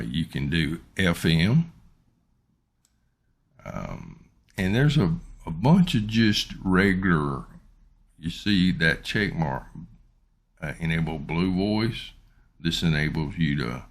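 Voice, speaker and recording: Slow, gravelly man. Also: a bass voice. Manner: rambling and unhurried, many ums and uhs. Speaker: YouTuber reviewing his microphone. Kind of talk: casual unboxing and product review.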